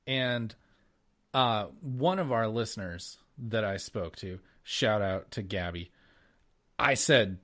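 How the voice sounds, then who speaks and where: A man co-hosting a podcast, chatting casually in an animated way, swearing and laughing often. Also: mid-range voice, slow pace. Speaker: podcast co-host. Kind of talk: casual chat.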